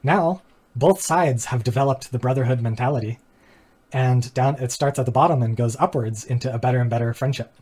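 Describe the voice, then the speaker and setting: A husky, slightly mellow man's voice of medium pitch moves a little fast. Hosting a philosophy channel, he explains things earnestly and reflectively, raising rhetorical questions and working through diagrams with offhand asides, fillers and small laughs.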